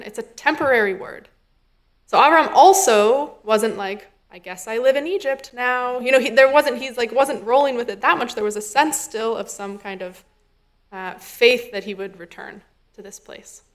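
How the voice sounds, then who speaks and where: A woman's voice: medium pitch, fairly bright tone. Woman rabbinic intern preaching in a chatty, thinking-aloud style; mid-range voice. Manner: conversational, thinking aloud with fillers and quoted dialogue. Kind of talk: sermon. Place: synagogue sanctuary.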